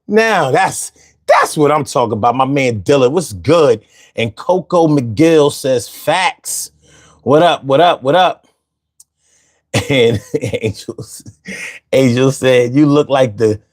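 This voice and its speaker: A man's voice: mid-range voice, expressive, slow, no echo. A man hosting a casual livestream, reading viewer comments aloud and bantering with them in slangy speech, close to the mic. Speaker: livestream host.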